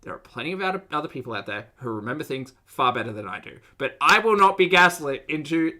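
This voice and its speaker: Sarcastic, lively reaction-stream host. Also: mid-range voice, fast talker. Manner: sarcastic, exasperated, laughing often. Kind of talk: live reaction commentary.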